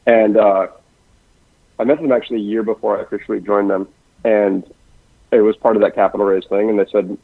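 A man who works in investments at a family office, talking quickly and densely in a podcast conversation, with frequent restarts. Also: lowish voice, fairly even intonation, gravelly, no echo. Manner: rapid-fire, dense talker with many restarts. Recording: dry, phone-like lo-fi sound.

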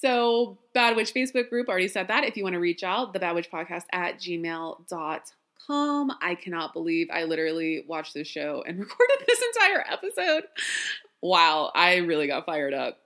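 A woman's voice: fairly low pitch, sing-song, normal speed. A tired woman with a Southern accent hosting a podcast, chatting casually and laughing at herself. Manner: chatty, warm sign-off with laughs, self-deprecating. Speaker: podcast host. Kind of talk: casual chat.

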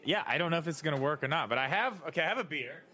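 Bright, high, playful young man. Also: expressive, racing. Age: young adult. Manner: playful, hammy showman. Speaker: podcast co-host. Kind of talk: casual podcast chat.

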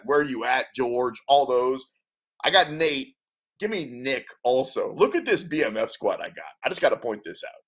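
Male sports radio host, mid pitch, emphatic and hyped, sells every pick. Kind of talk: casual sports radio banter.

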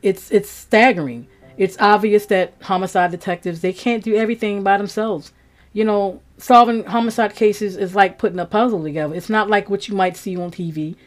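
Blunt woman hosting a true crime podcast. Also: on the low side. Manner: blunt, outspoken, plain-talking. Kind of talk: casual podcast commentary.

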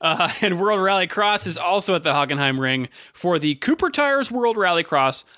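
A man's voice: high-pitched, animated, normal speed, pushed and bright, dry recording. A man co-hosting a casual motorsport podcast, running through standings and race listings with frequent self-corrections. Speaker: podcast co-host.

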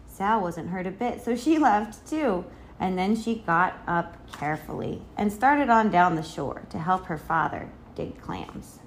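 A woman reading a children's story aloud, taking her time over each sentence. Her voice rises and falls with lively expression, and her delivery stays slow and gentle. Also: on the low side, a little hiss or hum. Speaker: reader.

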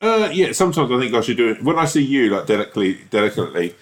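A man's voice: mid-range voice, sing-song, very fast. A young man co-hosting a podcast in casual chat, teasing and laughing often. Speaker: podcast co-host.

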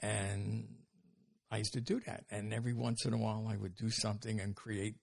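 A man's voice: fairly low pitch, little pitch movement, brisk, gravelly. A man in his seventies, a rambling, jokey storyteller chatting casually in an interview about running comedy shows. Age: 70s. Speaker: comedy show producer.

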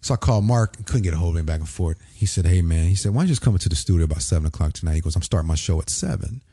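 A man from Springfield, Illinois, telling a lively story in casual talk and acting out the voices of the people in it. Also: low-pitched, rapid-fire, husky, no echo, clean studio sound. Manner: animated storyteller, acts out quoted voices. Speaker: podcast guest.

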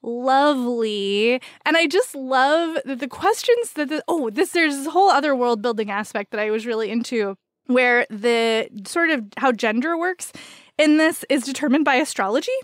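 A woman's voice: sits high, moderate pace, no echo, clean studio sound. A woman co-hosting a podcast, chatting casually and enthusiastically about books with lots of "like" fillers. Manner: animated, filler-heavy, enthusiastic. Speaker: podcast co-host. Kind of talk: casual book-recommendation chat.

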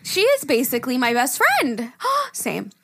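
A woman's voice: high-pitched, wildly swooping pitch, unhurried, fairly bright tone, slightly rough. A woman co-hosting a casual podcast, reading listener emails aloud, laughing often and swearing casually. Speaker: podcast co-host.

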